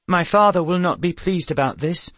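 A haughty young fairy woman with a lifted, light voice, as a male narrator puts her on. She sounds proud and quick to bristle, like a storybook heroine who expects to be obeyed. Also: fairly high pitch, expressive, fairly bright tone, no echo, voice pushed up. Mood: indignant.

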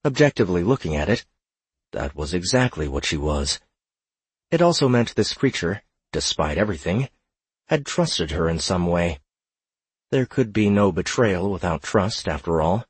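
A man narrating an audiobook in a steady, measured reading. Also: low-pitched, breathy edge, dry recording.

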